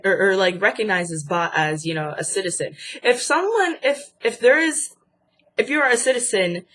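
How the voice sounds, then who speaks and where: A woman's voice: mid-range voice, a bit bright. A young woman hosting a casual vlog, chatty and indignant with lots of fillers, sounding stuffy from a cold. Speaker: channel host.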